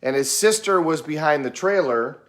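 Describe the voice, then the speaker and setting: A man's voice: fairly high pitch, expressive, a bit bright. Man telling a folksy reflective story. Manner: unhurried, folksy storytelling with fillers. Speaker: speaker sharing reflections. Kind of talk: casual reflective monologue.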